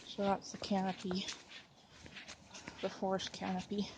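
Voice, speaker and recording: A woman's voice: mid-range voice, completely flat delivery, measured pace, background noise. Breathless young woman vlogging on a walk. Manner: chatty, giggly, a bit out of breath from walking. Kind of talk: casual vlog narration while walking. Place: outdoors in a forest at dusk. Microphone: handheld camera while walking.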